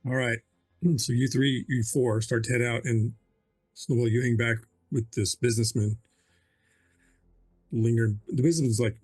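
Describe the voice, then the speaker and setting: A man's voice: mid-range voice, steady tone, normal speed, long pauses, a little mellow, husky, faint music behind. A man narrating as game master of a tabletop game, hesitant and full of fillers.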